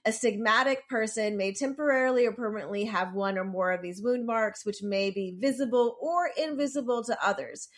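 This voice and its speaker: A woman's voice: a little high, fairly quick, few pauses. A woman co-hosting a podcast, chatting casually and reading background notes aloud with apologetic asides. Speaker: podcast co-host.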